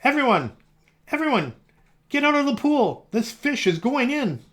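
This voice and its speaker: Man plays commanding fireman in a storybook, shouting orders, urgent. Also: very high voice, very animated, moderate pace, voice pushed up, exaggerated voice. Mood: yelling. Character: loud commanding male fireman. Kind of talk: children's storybook reading.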